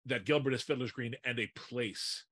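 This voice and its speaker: Male podcast co-host, husky voice, measured delivery, dry recording. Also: mid-range voice, fairly bright tone, no echo. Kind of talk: casual TV discussion.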